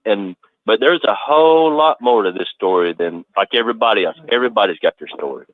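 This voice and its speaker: Low-voiced North Georgia man, folksy. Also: animated, no echo. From southern United States. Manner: folksy, drawn-out storytelling. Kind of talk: casual call-in chat. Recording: dull lo-fi call audio.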